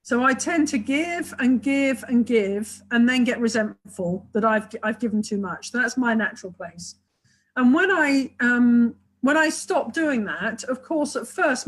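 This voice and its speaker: A woman's voice: fairly high pitch, poor audio. A woman who works as a couples therapist, talking enthusiastically and at length in a webinar, explaining her ideas with many asides. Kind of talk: webinar talk.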